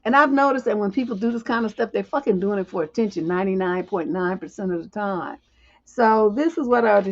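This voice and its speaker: A woman's voice: medium pitch, fast. A woman hosting a livestream relationship advice show, giving blunt, profane advice with chatty, laughing asides. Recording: dull lo-fi stream audio.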